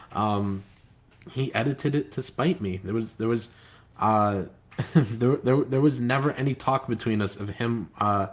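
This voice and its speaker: With a mid-range voice, this man, a comic book writer, runs a casual live stream where he reads out viewer comments. He talks in a rambling, hesitant way, full of filler words and complaining grievance.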